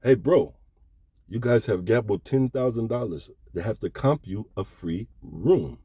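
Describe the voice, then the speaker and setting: A hushed male gambler leans in and passes on a tip in a low, confiding voice, as a storyteller puts him on. The sound is close and dry. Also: expressive, a little slow, slightly rough, no echo, full character voice. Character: hushed, helpful male gambler tipping off a friend.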